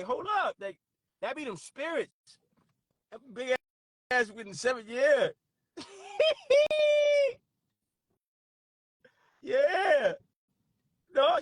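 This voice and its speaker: A man hosting a casual livestream, laughing often and reacting loudly and profanely to his chat. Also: very high voice, dry recording. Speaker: livestream host.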